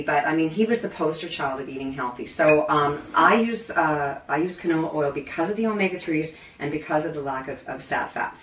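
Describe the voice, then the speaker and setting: A chatty, animated woman hosts a live cooking demo from her home kitchen, with a bright, forceful voice pitched a little low. She is recorded from some distance, so the room's echo rings around her words, and faint clicks sit underneath. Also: slight background noise. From Canada. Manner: chatty, animated and self-deprecating, with frequent asides. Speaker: cooking show host. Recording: echoey kitchen, mic at a distance.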